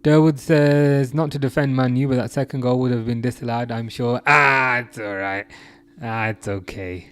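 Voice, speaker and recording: A man's voice: medium pitch, fairly even intonation, normal speed, fairly bright tone, smooth. Chatty man hosting a football livestream. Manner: chatty, reads viewer comments aloud, laughs often. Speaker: livestream host reading chat. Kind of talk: casual football chat.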